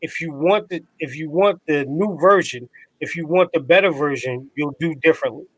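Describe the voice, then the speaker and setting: A laid-back man with a New Jersey accent co-hosts a podcast, drawing out key words slowly. His voice sits a little high. The recording is dry and close. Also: breathy edge, no echo, rough recording. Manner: laid-back, slangy, drawn-out emphasis. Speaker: podcast co-host. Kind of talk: casual chat and motivational segment.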